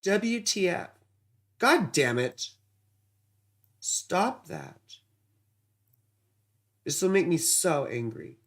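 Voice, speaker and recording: Male astrology streamer, gravelly, slightly high voice, meandering and profane. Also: sing-song, drawn-out words, pauses often, fairly bright tone. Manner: rambling, distracted, swears casually. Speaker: astrology livestream host. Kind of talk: casual livestream astrology reading.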